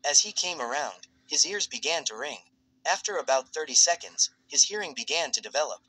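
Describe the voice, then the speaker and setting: A man reading fan fiction aloud as a narrator in a steady, even storytelling voice. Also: on the high side, a little fast, husky, no room sound, rough recording.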